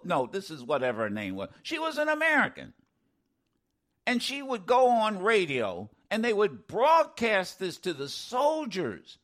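A middle-aged man hosting a call-in radio talk show, animated and indignant, with sarcastic asides. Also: high voice, measured pace.

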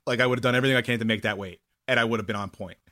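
A man co-hosting a sports talk show, explaining his views in a measured, conversational way. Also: medium pitch, fairly even intonation, pushed and bright. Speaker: sports talk radio co-host.

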